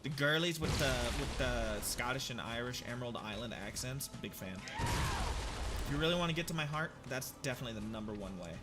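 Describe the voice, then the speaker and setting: Young man, American accent, livestream chatter, joking, lively swooping pitch, noisy background. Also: brisk. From United States. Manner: jokey, animated, reads chat aloud, bursts into shouts at the game. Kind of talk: casual gameplay chat with viewers.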